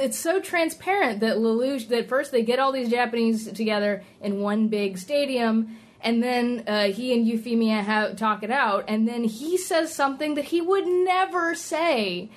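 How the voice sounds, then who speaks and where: Woman, fairly high voice, wry, analytical, casual chat. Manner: analytical, wry, laughs often. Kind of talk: casual anime discussion.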